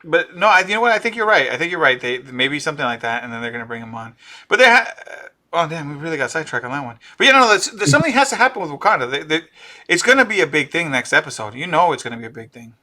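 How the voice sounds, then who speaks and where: A man co-hosting a casual pop-culture podcast, riffing excitedly on fan theories and laughing along. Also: on the high side, very fast. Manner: animated, excitable, riffs on ideas and laughs. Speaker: podcast co-host.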